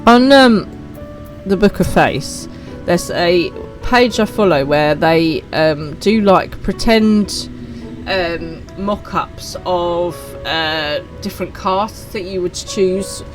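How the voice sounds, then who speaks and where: A woman's voice: fairly low pitch, takes it slowly, music in the background, poor audio. A woman streaming a game, chatting casually and teasing herself. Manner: chatty, self-mocking. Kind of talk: casual gameplay commentary.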